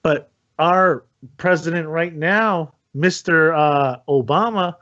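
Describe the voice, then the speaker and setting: A man's voice: fairly high pitch, slow, fairly bright tone, highs cut off. A man co-hosting a podcast, telling a story in blunt casual chat with many restarts. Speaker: podcast co-host.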